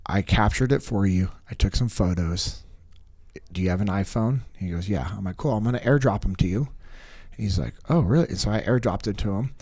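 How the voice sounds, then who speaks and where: A podcast guest in a studio, this man has a lowish, husky voice and talks a little fast, with no room sound on the recording. He tells a personal story in casual chat, animatedly acting out what people said and using plenty of fillers.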